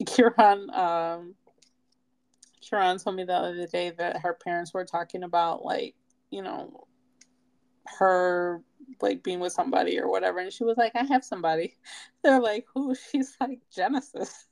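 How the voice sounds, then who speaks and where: A young woman, co-hosting a casual podcast chat and telling stories in an animated way. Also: fairly low pitch, unhurried, creaky, poor audio. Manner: animated storyteller, laughs often. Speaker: podcast co-host.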